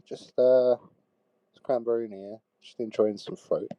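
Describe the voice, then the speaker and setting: A man's voice: medium pitch, steady tone, normal speed, long pauses, muffled recording, a little hiss or hum. Sweary man leaving comic voicemails. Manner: sweary, swings from shouting to hushed sighing. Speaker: comedy podcaster.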